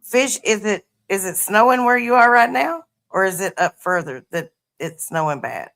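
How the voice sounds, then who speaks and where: A woman's voice: medium pitch, lively intonation, moderate pace, fairly bright tone. A middle-aged woman telling stories to her livestream viewers in a laid-back, profane, casual way. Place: her home.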